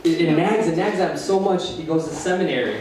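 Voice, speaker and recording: A man with an Upper Midwest American accent tells rambling stand-up jokes, laughing nervously at himself. His slightly high voice sounds far from the mic in a very echoey cafe room. A faint hiss sits under the recording. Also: fast talker, a little mellow. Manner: rambling, self-deprecating joke telling with nervous laughs. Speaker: open mic comedian. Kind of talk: stand-up comedy. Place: small cafe stage.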